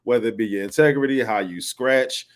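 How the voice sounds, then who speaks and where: A man's voice: medium pitch, fairly quick. A man co-hosting a podcast, talking earnestly and analytically in casual chat. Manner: earnest, analytical, building his point. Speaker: podcast co-host.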